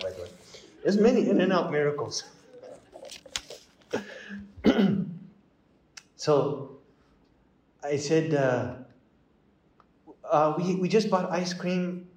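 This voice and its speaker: This priest tells stories during a sermon in a mid-range voice, animatedly acting out the voices of the people in them. The audio is poor, with a roomy sound and a little hiss or hum.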